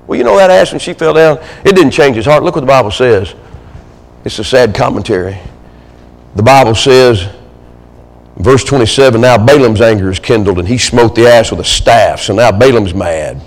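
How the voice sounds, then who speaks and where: A man preaching a sermon, swinging between loud pleading and hushed, intimate asides. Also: medium pitch, animated, moderate pace, in a large hall, poor audio. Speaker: pastor. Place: church sanctuary.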